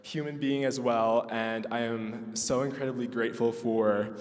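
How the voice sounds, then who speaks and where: A man's voice: medium pitch, steady tone, normal speed. A young male student pianist giving an emotional thank-you speech at his recital, with many ums and nervous laughs. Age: young adult. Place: recital hall with audience. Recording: distant voice in a reverberant hall.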